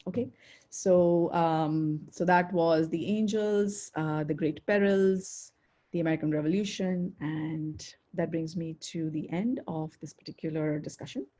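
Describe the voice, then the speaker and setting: A woman's voice: low-pitched, steady tone, measured pace, mellow. A woman teaching a spiritual healing class on a video call, talking in an earnest, chatty way with lots of fillers. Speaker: pranic healing instructor. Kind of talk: online spiritual talk with slides.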